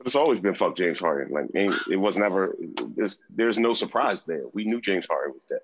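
A man's voice: low-pitched, lively intonation, a little fast, muffled recording, a crowd in the background. A man co-hosting a casual sports podcast, talking in a blunt, profane and opinionated way. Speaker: podcast co-host.

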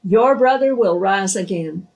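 A woman reading the lines of a calm, solemn male teacher in a slow, measured scripture reading. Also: medium pitch, rough recording.

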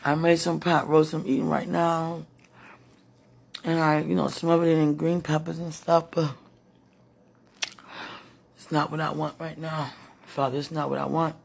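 A woman with a hoarse, husky voice, worn from preaching and crying, talking casually to God in a prayerful monologue and calling out to him between sentences. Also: low-pitched, level tone, a little slow, long pauses. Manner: talks to God aloud, breaks into moans and exclamations. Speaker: street preacher.

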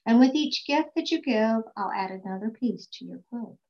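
A woman voicing a calm, kind quilt maker in a storybook reading, speaking with steady, gentle reasoning. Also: a little high, normal speed, lightly acted. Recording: dull lo-fi recording.

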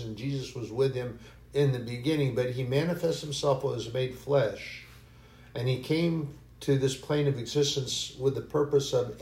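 A man preaching a sermon in an earnest, animated way. His voice sits in the middle range and rings in an echoey room. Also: mid-range voice. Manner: earnest, animated preaching with sudden bursts of acted panic.

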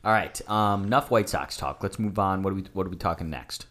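A man with a low voice co-hosts a casual sports podcast. He mostly throws in quick reactions and moves the conversation to the next topic. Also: fairly bright tone. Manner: short reactions, steers topics. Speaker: podcast co-host.

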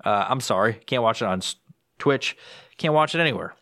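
A young man hosts his own podcast, ranting casually and briskly with nonstop swearing and rambling restarts into a home podcast mic with headphones. When he quotes himself, he jumps into a high, excited voice; the sound is studio quality with no echo.

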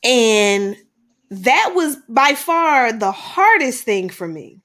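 Here a middle-aged woman with a somewhat high voice tells a personal story as a guest in conversation. Lively one moment and hushed when things turn heavy, she performs bits of dialogue in rapid bursts.

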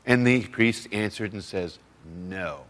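A man's voice: on the low side, slow pace. A man preaching a sermon to a seminar audience, telling stories and acting out quoted voices. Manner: animated storytelling with acted-out quotes. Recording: long hall reverb.

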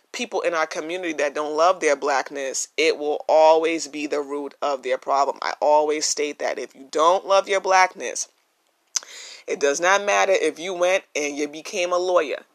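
Here a podcast host with a mid-range voice talks at a moderate pace through a casual solo monologue captured on a phone, no microphone involved. There's an earnest, emphatic quality, with key phrases said more than once.

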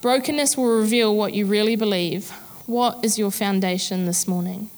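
A woman's voice: mid-range voice, moderate pace, a little mellow, big-room sound. A woman pastor giving a candid, chatty sermon with self-deprecating humor.

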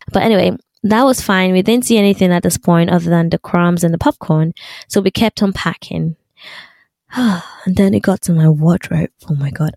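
A young woman vlogger telling a story in casual chat, animated and full of fillers. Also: on the low side, moderate pace, vocal fry, no room sound.

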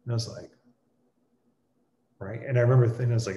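A man speaking thoughtfully and haltingly, sharing a personal story in conversation. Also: mid-range voice, mellow. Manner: thoughtful, halting, with restarts and pauses. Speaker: guest sharing a personal experience. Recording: roomy echo.

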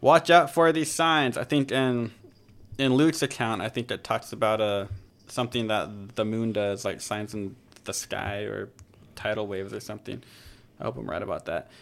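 A man's voice: fairly low pitch, steady tone, normal speed, creaky. A man hosting a podcast, discussing scripture in a conversational, joking way and correcting himself as he goes. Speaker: podcast host. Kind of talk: casual Bible discussion.

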